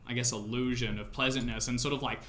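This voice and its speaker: A man's voice: mid-range voice, fairly even intonation, quick pace, a bit bright. Man narrating a tabletop horror game. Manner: descriptive, loose with fillers like "sort of". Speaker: game master.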